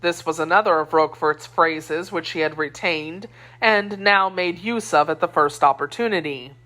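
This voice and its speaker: A woman narrating a classic novel as an audiobook, with clear, expressive storytelling. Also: fairly low pitch, moderate pace. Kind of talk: scripted narration.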